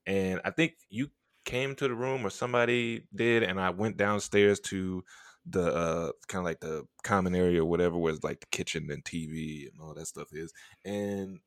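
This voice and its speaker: A man's voice: sits low, moderate pace, dry recording, clean studio sound. A man co-hosting a podcast, casually telling a funny story, laughing often and acting out what people said. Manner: animated, laughing, acts out quotes. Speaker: podcast co-host.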